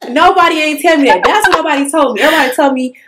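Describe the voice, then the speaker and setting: A young woman hosting a casual podcast chat, telling an animated personal story in casual slang. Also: high voice, racing, background noise. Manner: animated storytelling, Southern Black-American vernacular slang. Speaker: podcast host.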